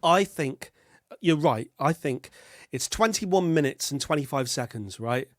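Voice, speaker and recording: Guy on a podcast, high voice, gets all worked up and laughs mid-sentence, dry close mic. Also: measured pace, no room sound. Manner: excitable, animated, laughing while he talks. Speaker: podcast co-host. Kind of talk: casual film review chat.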